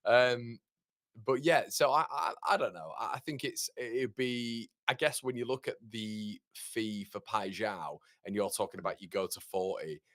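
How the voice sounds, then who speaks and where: A man's voice: on the low side, moderate pace, a bit bright. A man hosting a casual football podcast, playful and often hesitant with stumbling restarts. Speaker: podcast host.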